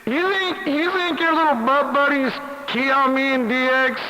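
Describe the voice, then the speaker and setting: On a CB radio channel, a man with a very high, steady, pushed and bright voice speaks at normal speed, mocking and swearing at another operator between bursts of laughter. The on-air banter comes through hissy with long reverb and faint music behind.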